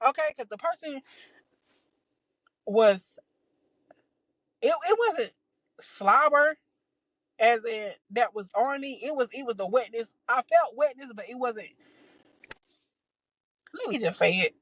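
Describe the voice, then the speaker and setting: Profane, animated woman telling a story. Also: fairly high pitch, takes it slowly, pauses often, no echo, poor audio. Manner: animated, profane, exasperated storytelling with frequent restarts. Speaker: podcast host. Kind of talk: casual storytelling.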